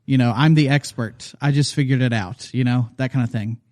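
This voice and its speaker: A man's voice: mid-range voice, fairly even intonation, brisk, darkish tone. A man from Indiana with a Hoosier twang, a comedian chatting loosely as a podcast guest. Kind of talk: casual podcast chat.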